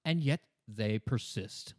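A man's voice: lowish voice, animated, slow pace, darkish tone, no echo. Sarcastic joking man, dry close sound. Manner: sarcastic, joking, laughs often, trails off with fillers. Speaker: podcast co-host. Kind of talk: casual comedic game recap chat.

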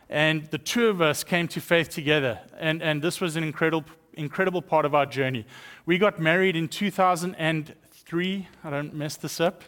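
A man's voice: on the high side, fairly bright tone. A South African man in his thirties or forties, a guest speaker giving a chatty, joking testimony sermon with many fillers. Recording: long church hall reverb.

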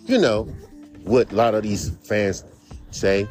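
A man's voice: on the low side, animated, slow pace, long pauses, darkish tone, faint music behind. A man hosting his own podcast, ranting in a heated, rambling and profane way. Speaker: podcast host; rapper. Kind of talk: casual rant podcast.

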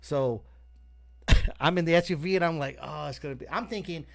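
A man telling a story on a casual podcast, animated and profane, acting out the voices of the people in it. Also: fairly high pitch, moderate pace, vocal fry.

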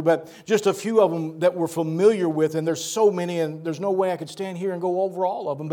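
A man's voice: high-pitched, a little mellow. An older man who is a pastor, preaching a sermon to his church in an earnest way, often repeating words as he lists points. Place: church sanctuary.

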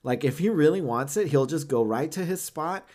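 A man's voice: a little high, lively intonation, normal speed, a little mellow. A man co-hosting a podcast in casual chat, who laughs often, fills his talk with "like", and acts out what others might say. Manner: laughs often, many "like" fillers, acts out quoted voices. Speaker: podcast co-host.

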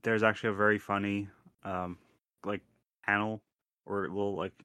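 A man co-hosting a podcast in casual chat, talking haltingly with many restarts. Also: fairly low pitch, little pitch movement, pushed and bright, smooth, dry recording, studio quality. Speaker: podcast co-host.

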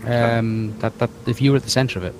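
A man's voice: mid-range voice, flat delivery, fairly quick, background noise. A man running a tabletop game as game master, rambling through descriptions with fillers and restarts.

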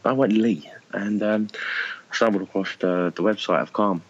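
A man's voice: lowish voice, normal speed, lo-fi sound. A middle-aged man talking candidly and emotionally in an interview, blunt, swearing and calling people mate. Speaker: charity fundraiser guest.

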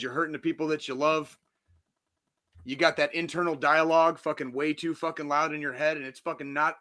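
A man's voice: on the high side, pushed and bright. A man in his forties hosting a podcast, giving a blunt, heavily profane but earnest motivational pep talk. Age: 40s. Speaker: podcast host. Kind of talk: casual motivational monologue.

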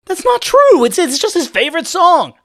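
A man's voice: very high voice, very animated, moderate pace, fairly bright tone, no echo, clean studio sound, voice pushed up, heavily acted. A man voicing a flustered young man who stammers and panics when cornered in a story. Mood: panicky.

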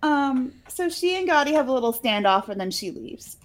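A woman's voice: high-pitched, big pitch swings, normal speed. Chatty woman recapping a movie. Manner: chatty storyteller, laughs often, quotes scenes with mock voices. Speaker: podcast co-host recapping a movie. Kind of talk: casual chat.

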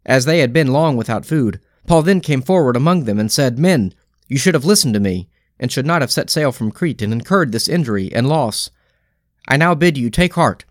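A man reading scripture aloud in a slow, measured liturgical style, pausing phrase by phrase. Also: mid-range voice, dry recording, studio quality. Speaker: scripture reader.

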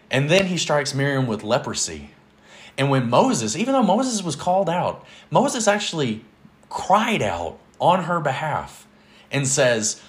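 A man's voice: medium pitch, very animated. A man teaching the Bible in a casual, earnest way, with many fillers. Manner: earnest, measured, with fillers and little laughs. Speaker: podcast host, Bible teacher.

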